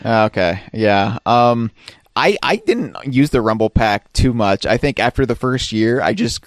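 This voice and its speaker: A man's voice: mid-range voice, expressive, measured pace, no echo, studio quality. A man co-hosting a podcast in casual chat, wry and sarcastic. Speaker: podcast co-host.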